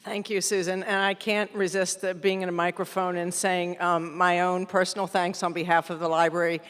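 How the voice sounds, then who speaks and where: A woman's voice: lowish voice, little pitch movement, normal speed, a bit bright, smooth. A woman library director asking a question at a public forum, speaking with hesitant fillers. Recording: echoey hall, live event.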